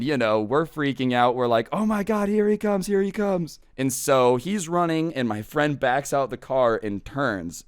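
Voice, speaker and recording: A man vlogger telling a story in a casual, animated way, peppered with "like" and "you know". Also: medium pitch, clean tone, no echo, studio quality.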